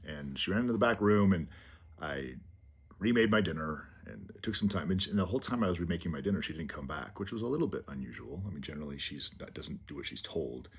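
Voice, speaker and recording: A man casually telling a rambling personal anecdote in his small home, halting with fillers. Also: very deep voice, expressive, husky. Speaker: vlogger. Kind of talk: casual storytelling. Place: small low-ceilinged home.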